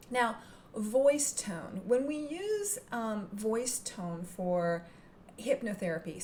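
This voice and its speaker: A woman teaching hypnotherapy technique in a calm, gentle manner, sometimes dropping into a soft whisper. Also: mid-range voice, a little hiss or hum. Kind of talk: instructional talk to camera.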